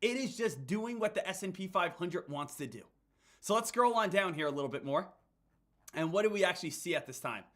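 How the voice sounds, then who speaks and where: A man with a high, expressive voice talks a little fast, delivering emphatic stock market commentary. He keeps repeating phrases in a hype-driven style and calls his viewers "guys" and "team."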